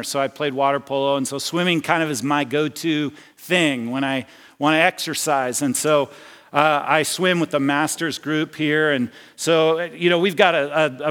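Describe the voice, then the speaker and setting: A man's voice: on the high side, fairly bright tone. Conversational male pastor in a reverberant hall. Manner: conversational, with repeated restarts and personal anecdotes. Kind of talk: sermon. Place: church sanctuary.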